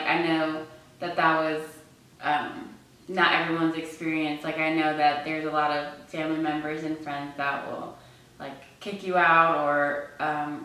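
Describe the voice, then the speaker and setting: A young woman with a low voice and a sharp tone co-hosts a vlog, telling stories casually to camera and restarting her sentences as she goes. She's recorded from a distance, away from the mic, in an echoey room.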